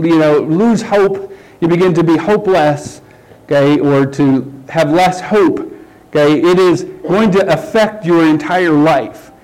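A man's voice: high voice, darkish tone, poor audio. A middle-aged man preaching a conversational sermon, checking in with "okay" and "right?" as he explains. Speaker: pastor.

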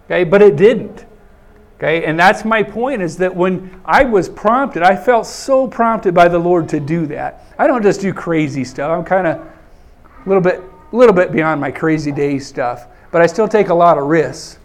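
A man's voice: high-pitched, normal speed. A man preaching a folksy sermon and reading scripture, often saying "okay" and acting out scenes in a raised voice. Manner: animated, acts out scenes in raised voice.

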